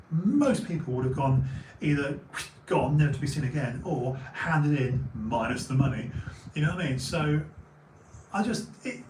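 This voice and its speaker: A man's voice: on the high side, lively intonation, normal speed, darkish tone, a little hiss or hum. A man from England with a British accent, telling stories in a rambling casual way, often repeating and restarting his words. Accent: British English. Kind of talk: casual storytelling monologue. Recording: echoey room, mic a bit far.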